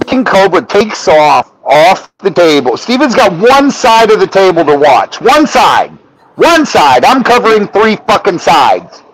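A middle-aged man telling a story as a podcast guest, animated and profane, rising to shouts when he acts out arguments. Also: sits high, unhurried, no echo, low-quality recording. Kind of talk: storytelling in casual chat.

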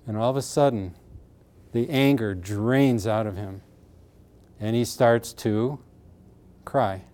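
A middle-aged man speaks with earnest conviction about the emotional side of pain. His voice sits at an ordinary male pitch, and his talk is steady and explanatory. He often drops into the words of his patients and acts them out with feeling. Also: unhurried. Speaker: pain therapist.

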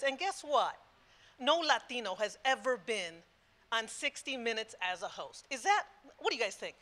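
A woman's voice: sits high, pushed and bright. A woman in her sixties giving a passionate conference talk to an audience, emphatic and repetitive, mixing English and Spanish phrases. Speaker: conference speaker. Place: conference room before an audience.

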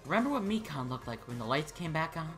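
A woman plays a blunt young male student who sorts out a murder with deadpan logic. The voice sits low yet moves lively in pitch. Game music plays clearly behind. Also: fast talker. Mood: exasperated.

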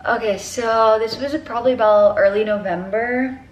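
A young woman vlogs casually at home, talking to herself while getting ready, chatty and rambling, swearing freely. Her voice is on the high side at a normal speed. The indoor recording sounds roomy and muffled, with a little hiss or hum.

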